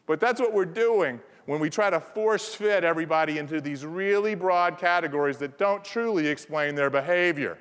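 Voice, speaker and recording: A man's voice: a little high, normal speed, hardly any pauses, a bit bright, clean tone. A man from the American South giving a playful conference presentation, teasing the audience. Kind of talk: keynote talk. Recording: reverberant conference hall.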